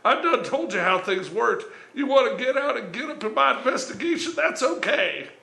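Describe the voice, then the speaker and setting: Man putting on a gruff Southern trooper, drawling commands, high bright voice, echoey room. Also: lively intonation, exaggerated voice. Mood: stern. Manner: slow, firm, drawling orders. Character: gruff male state trooper making an arrest.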